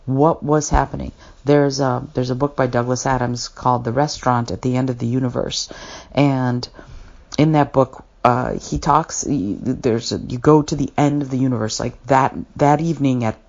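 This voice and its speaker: Brief: earnest woman podcast host, very deep voice, muffled lo-fi recording, frequent restarts. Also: fairly even intonation, normal speed, creaky, darkish tone. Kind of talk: podcast monologue.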